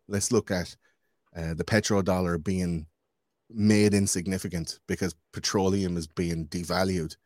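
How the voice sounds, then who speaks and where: A man hosting a podcast in casual chat, talking in a profane, rambling, animated way. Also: low-pitched, a little slow, no echo, studio quality.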